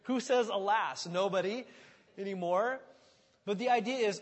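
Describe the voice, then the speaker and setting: Husky high-voiced preacher in a hall. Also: male voice, normal speed. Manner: animated, conversational, emphatic. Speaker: pastor. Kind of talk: expository sermon.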